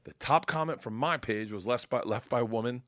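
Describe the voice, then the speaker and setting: A male comedian guest telling a profane, animated story on a podcast, laughing as he goes. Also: medium pitch, a little fast, dry recording, studio quality.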